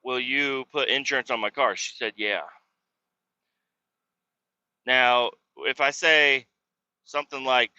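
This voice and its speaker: Exasperated, cursing man with a bright voice. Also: medium pitch, takes it slowly, long pauses, clean tone, no room sound, lo-fi sound. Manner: profane, rambling and exasperated. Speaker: podcast host. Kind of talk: casual solo rant.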